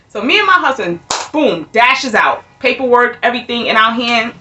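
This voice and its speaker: A young adult woman telling a casual storytime, animated and laughing, often repeating herself. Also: a little high, moderate pace, a little hiss or hum. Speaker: vlogger. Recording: voice a bit far from mic.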